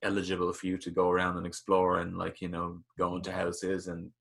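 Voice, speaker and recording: A man's voice: low voice, monotone, a little fast, creaky, fairly bright tone. An Irish man co-hosting a podcast, goofy and joking in casual chat. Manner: goofy, joking, makes silly noises. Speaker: podcast co-host.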